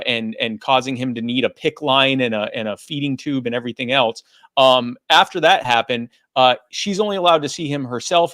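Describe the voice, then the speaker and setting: A man speaking as an advocate on a livestream panel, earnest, pausing often with fillers and restarts. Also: mid-range voice, a bit bright, dry recording, clean studio sound. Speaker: advocate guest.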